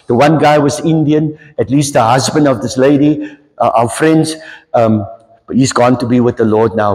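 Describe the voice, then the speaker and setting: A man preaching a storytelling sermon, animated and repeating his key lines for emphasis. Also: fairly high pitch. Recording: long hall reverb.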